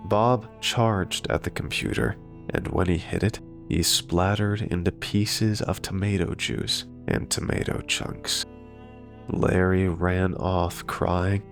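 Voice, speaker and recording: A man narrating a horror story in a slow, deliberate scripted delivery. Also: fairly even intonation. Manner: slow, deep and gravelly delivery. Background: faint guitar music.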